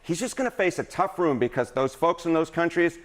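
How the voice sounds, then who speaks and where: Man, slightly higher voice, brisk, news poll analysis. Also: lively intonation. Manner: brisk, number-heavy explaining. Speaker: polling analyst.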